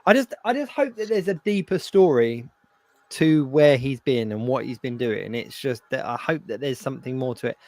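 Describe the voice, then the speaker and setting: A man's voice: mid-range voice, animated, moderate pace, darkish tone, no echo. Easygoing man, dry close sound. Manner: easygoing, agreeable, repeats phrases. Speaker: co-host. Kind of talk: casual live-stream chat.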